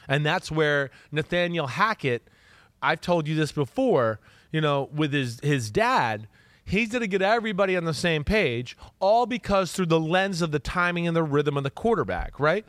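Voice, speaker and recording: With no room sound around his higher-pitched voice, a football analyst co-hosting a casual podcast chats away. He tells stories animatedly, delivering players' quotes in his own voice, and keeps punctuating with "right?"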